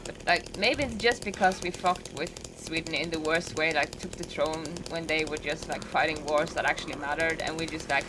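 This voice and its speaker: A woman's voice: sits low, moderate pace, hardly any pauses, background noise. A Norwegian woman from the north with a Northern Norwegian accent, chatting casually and rambling while streaming a game. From northern Norway. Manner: rambling, heavy use of "like" fillers. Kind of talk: casual chat while gaming.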